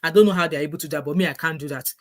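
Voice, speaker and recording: Her voice sits low and moves very fast. This middle-aged Nigerian English speaker earnestly offers casual advice on her vlog, repeating herself and frequently starting sentences over.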